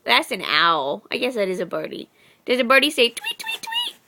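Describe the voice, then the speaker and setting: A woman's voice: on the high side, big pitch swings, fairly quick, bright, forceful tone. A woman filming a home video, asking a small child questions in a playful, coaxing way. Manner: sing-song, playful questioning. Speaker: parent filming her toddler.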